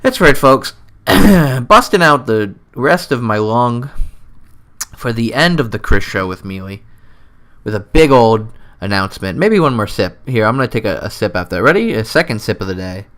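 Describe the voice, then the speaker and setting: A man hosting his own comedy show, rambling through a goofy, self-mocking monologue close to the mic, his voice jumping and dropping in pitch and loudness. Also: very animated, moderate pace. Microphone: close desk mic.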